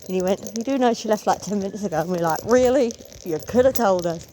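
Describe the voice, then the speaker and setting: A woman who vlogs about theatre tells a rambling story full of opinions and side comments, in a chatty, casual storytelling style. Her voice is medium-pitched with a dark tone, and she speaks very fast. There's slight background noise.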